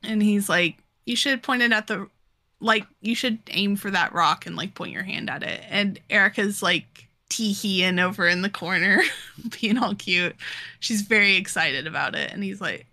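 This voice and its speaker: Podcast co-host, woman, bright and forceful tone, dry close sound, acts out every character. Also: medium pitch, no echo. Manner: animated, acts out characters in quick quoted lines, laughs often. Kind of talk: casual chat, retelling a manga with quick voiced asides.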